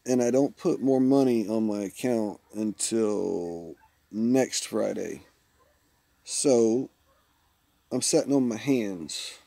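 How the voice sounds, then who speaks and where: A man's voice: on the low side, slow pace, gravelly, dark tone, dry recording. Laid-back man streaming games. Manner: laid-back, chatty, self-teasing. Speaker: game streamer. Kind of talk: casual live-stream chat.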